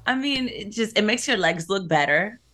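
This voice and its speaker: A woman's voice: mid-range voice, lively intonation, normal speed, pushed and bright. A woman co-hosting a radio show, talking in a sassy, blunt, laughing way. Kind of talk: casual radio banter.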